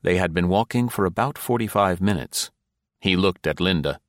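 A man reading a story aloud as narrator, in a measured storytelling manner. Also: low-pitched, animated, no room sound, studio quality.

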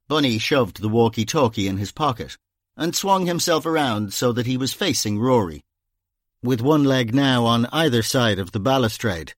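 A man's voice: medium pitch, animated, no echo, clean studio sound. Irish man narrating an audiobook. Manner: measured storytelling.

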